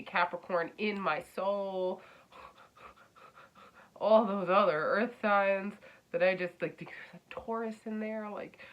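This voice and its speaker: A woman giving a casual spoken astrology reading, blunt and swinging from hushed near-whispers to loud, emphatic bursts. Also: lowish voice, highs cut off. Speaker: astrology reader.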